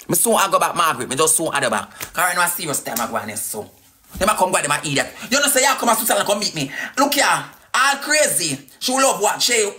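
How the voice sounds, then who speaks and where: Jamaican woman, livestream host, bright cutting voice, loud cursing rant. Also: lowish voice. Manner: loud, cursing, sing-song outbursts.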